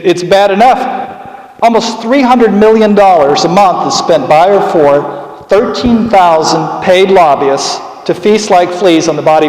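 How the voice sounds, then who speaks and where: A man's voice: on the high side, darkish tone, echoey room, long reverb tail, rough recording. A man, a political candidate, giving earnest documentary narration and commentary with dry humor.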